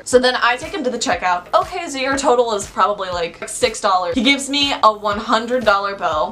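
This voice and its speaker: A woman's voice: fairly high pitch, a little hiss or hum. A young woman vlogger telling a storytime, chatty and full of "like" fillers. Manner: chatty, fillers of "like", animated retelling. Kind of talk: storytime vlog.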